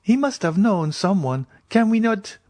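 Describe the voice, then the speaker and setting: A man reading an audiobook voices an emotional young woman in a high, pleading voice. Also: unhurried, no echo. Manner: excited, pleading.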